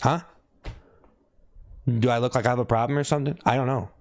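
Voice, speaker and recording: A man talking casually on a live stream, thanking viewers by name and asking if he looks upset, with sudden high whoops. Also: steady tone, brisk, darkish tone. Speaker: livestreamer.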